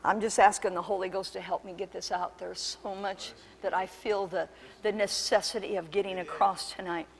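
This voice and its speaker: A woman pastor preaching a sermon with impassioned, emphatic delivery that surges to loud peaks. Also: medium pitch, steady tone, normal speed, gravelly, big-room sound, slight background noise. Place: church sanctuary.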